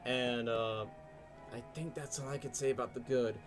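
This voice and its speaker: A man's voice: medium pitch, fairly even intonation, normal speed, music in the background. A young man hosting a live stream, chatting casually and animatedly with lots of fillers. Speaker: stream host. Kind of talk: casual chat, ranking shows live.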